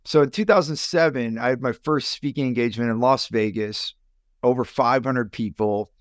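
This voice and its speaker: A middle-aged man tells his personal story as a guest on a podcast, with a mid-range voice that leaps upward when he plays out remembered conversations. The sound is dry and close, with no room echo. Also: moderate pace. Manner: animated storyteller, rises sharply in pitch when acting out quoted people. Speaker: podcast guest, business coach.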